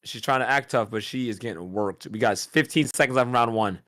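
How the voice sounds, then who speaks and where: A man calling a boxing match on a casual watch-party stream, excitable and slangy, laughing often. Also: medium pitch, fairly quick, no room sound. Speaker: host doing fight commentary.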